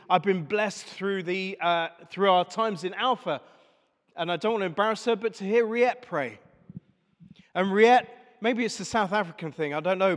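A man with a high voice preaches a sermon. He talks to the congregation conversationally and keeps asking them questions. His voice carries a long reverb from the church around him. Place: church service.

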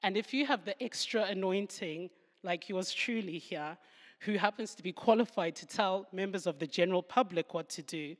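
A woman's voice: medium pitch, moderate pace. A woman with a Southern African accent leads a devotional Bible talk. She explains the verses with humorous asides and laughs at herself now and then. Her mid-range voice rings with a long hall reverb. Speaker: Bible teacher.

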